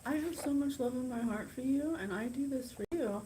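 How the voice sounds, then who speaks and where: A woman hosting a psychic channel, talking casually and excitably straight to her viewers. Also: sits high, fairly quick, few pauses, slight background noise, rough recording. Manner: chatty, bubbly, gushing and excitable. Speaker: psychic podcast host. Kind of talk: casual direct-to-camera talk.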